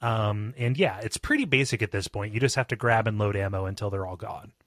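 A man's voice: on the low side, fairly quick, fairly bright tone, dry recording, studio quality. A man co-hosting a podcast in casual chat, laid-back and joking, laughing often. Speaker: podcast co-host.

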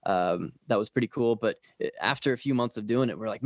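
A man from the leads a ministry team and tells its story in casual conversation. He talks quickly and earnestly, with many fillers. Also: lowish voice, no room sound, studio quality.

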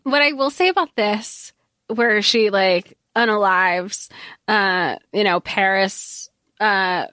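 A woman's voice: medium pitch, slow, sharp tone, no room sound, studio quality. A woman co-hosting a podcast, chatting casually about a book, rambling and hedging with many fillers and restarts. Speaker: podcast co-host. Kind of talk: casual book-review chat.

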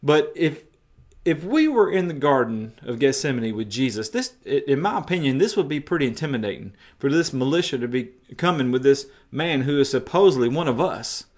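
A man's voice: mid-range voice, animated, brisk, darkish tone. A man preaching a sermon, retelling a story emphatically and in vivid detail.

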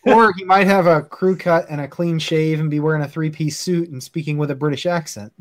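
A man co-hosting a podcast, chatting casually and teasing his friends with quick interjections. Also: a little high, fairly even intonation. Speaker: podcast co-host. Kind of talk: casual banter among friends.

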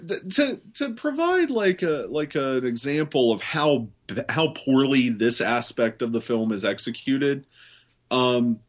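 Rambling, profane man reviewing a movie. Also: mid-range voice. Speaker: podcast co-host. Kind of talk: casual movie review chat.

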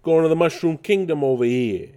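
A man's voice: on the high side, a little fast, mellow, clean tone, pitched above the performer's own voice, lightly acted. A man putting on a streetwise New York accent for a brash plumber hero. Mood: swaggering. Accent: New York, put on.

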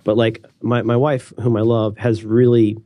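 A man in his thirties co-hosting a podcast, chatting casually in a rambling, animated way. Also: mid-range voice, normal speed, no room sound. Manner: rambling, self-interrupting, animated. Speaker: podcast co-host. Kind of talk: casual chat.

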